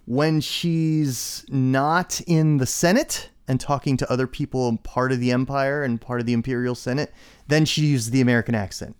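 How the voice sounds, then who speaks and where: A man's voice: medium pitch, fairly even intonation, normal speed, clean tone. A man co-hosting a podcast, chatting casually and enthusiastically explaining fan trivia. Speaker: podcast co-host. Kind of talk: casual chat.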